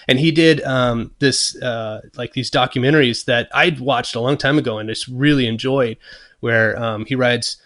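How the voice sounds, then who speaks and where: A man of middle pitch tells a story in relaxed interview talk. He acts out his own thoughts and what others said, with plenty of ums and restarts along the way. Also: moderate pace. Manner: many fillers and restarts. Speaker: guest luthier. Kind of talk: casual storytelling.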